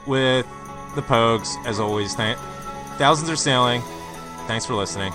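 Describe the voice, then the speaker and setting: A man's voice: medium pitch, normal speed, pauses often, music in the background. A man hosting a podcast in casual soccer chat, rambling with fillers and putting on an East London accent. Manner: rambling, lots of fillers and restarts. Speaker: podcast host.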